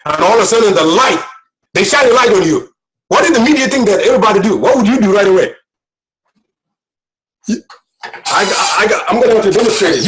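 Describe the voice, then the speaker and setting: A man delivers a sermon in a high voice, pressing his points with repetition and building to shouts. He sounds emotional, close to tears. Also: expressive, brisk, pauses often, slight background noise, low-quality recording. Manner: impassioned, repetitive, rising to shouts. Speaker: guest preacher.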